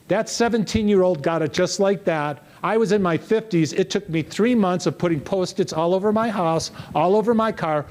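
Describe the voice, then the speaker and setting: A man's voice: high-pitched, moderate pace, hardly any pauses. A middle-aged man giving a motivational keynote talk, telling stories and acting out the dialogue. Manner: animated, acts out dialogue in quoted voices. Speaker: motivational speaker.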